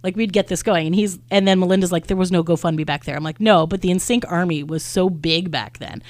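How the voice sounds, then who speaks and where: A woman's voice: fairly low pitch, fairly even intonation, a little fast, darkish tone, no echo. A young woman, hosting a podcast and telling a story in casual chat, acting out what people said. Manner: chatty storyteller acting out quotes, lots of "like". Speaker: podcast host.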